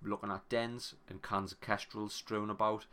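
A man in his thirties, a podcast co-host, telling a story in casual chat, animated and sweary, often breaking off mid-phrase. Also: on the low side, normal speed, clear, resonant tone.

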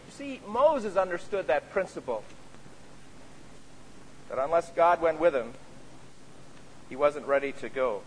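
High-voiced pastor preaching in a reverberant church. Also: male voice, expressive, unhurried, pauses often, a little hiss or hum. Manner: earnest preaching with frequent "you see" asides. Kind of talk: sermon. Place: church sanctuary.

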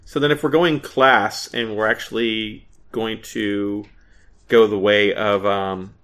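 A man co-hosting a podcast in casual chat, thinking out loud and restarting his sentences. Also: on the low side, fairly even intonation, slow pace, clean tone. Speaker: podcast co-host.

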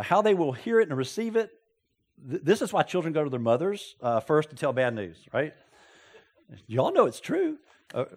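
Animated preacher, lively pitch. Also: male voice. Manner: animated storytelling, folksy asides, bursts of loud exclamation. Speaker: pastor. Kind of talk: sermon.

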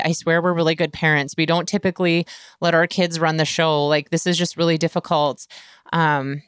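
A woman hosting a show as a scoliosis care provider, talking through an advice monologue in a relaxed, conversational way with many filler words. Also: low-pitched, clean tone, dry recording, clean studio sound.

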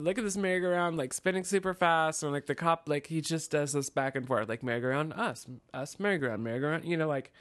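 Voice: mid-range voice, a bit bright, clear, resonant tone, no room sound, studio quality. A podcast co-host telling a long story in casual chat, rambling with restarts. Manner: rambling, many fillers and restarts.

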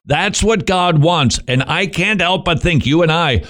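A man's voice: on the high side, a little slow, a bit bright. A middle-aged man hosting Christian radio, giving a devotional talk with joking asides to himself.

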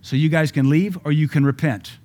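A man preaching a sermon, dropping to quiet asides and then building to loud peaks, reading scripture slowly with emphasis. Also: on the high side, fairly even intonation. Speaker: pastor.

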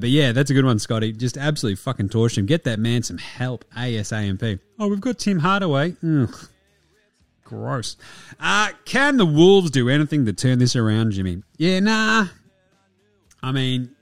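A young Australian man hosts a casual sports podcast, chatting in a blunt, sweary, jokey manner. His voice is medium in pitch, and the studio recording is clean with no echo.

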